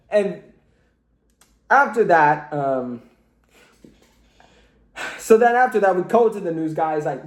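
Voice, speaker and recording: A man's voice: sits high, lively intonation, slow pace, long pauses, echoey room. A man recapping a cartoon casually, rambling and joking with lots of fillers. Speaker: cartoon reviewer.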